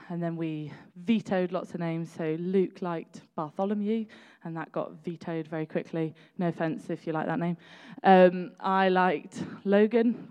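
A woman in her thirties giving a chatty sermon, with laughing asides and lively storytelling. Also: lowish voice, clear, resonant tone. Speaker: preacher.

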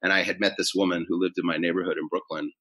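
A middle-aged man, an actor, chatting in an interview in a relaxed, rambling way with many fillers. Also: deep voice, racing. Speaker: actor guest. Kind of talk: casual interview chat.

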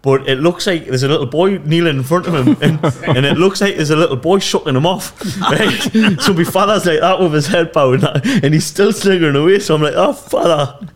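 A man's voice: fairly high pitch, a little fast, few pauses. A man, a podcast guest telling a funny story in casual chat and swearing freely.

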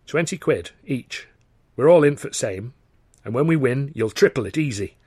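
A man's voice: mid-range voice, expressive, moderate pace, a little mellow, slightly rough, no echo, studio quality. A man voicing a cool, persuasive male footballer.

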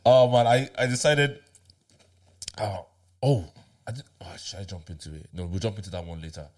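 A man hosting a casual podcast chat, animated and laughing often. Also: lowish voice, normal speed. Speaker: podcast host.

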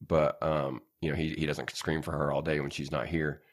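A man's voice: very deep voice, little pitch movement, moderate pace. A man hosting a casual podcast, profane and exaggerated in his venting, then candid about himself. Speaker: podcast host. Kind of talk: casual chat.

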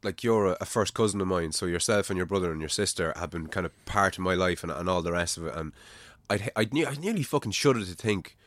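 A man's voice: low-pitched, animated, fast talker, hardly any pauses, fairly bright tone, dry recording. A man hosting a casual chat, eager and swearing freely. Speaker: podcast host.

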